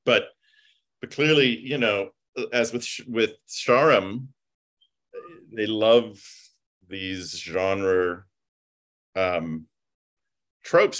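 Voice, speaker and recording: A man, a film writer and producer, chatting casually and telling animated stories full of fillers and digressions. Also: sits low. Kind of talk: casual chat.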